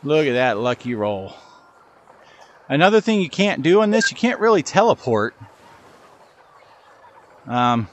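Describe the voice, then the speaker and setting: Middle-aged man, gameplay host, chatty and self-mocking, mid-pitched, faint hiss behind. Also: sing-song, a little slow, pauses often. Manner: chatty, self-deprecating, talks to the ball. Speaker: gaming channel host. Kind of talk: casual gameplay commentary.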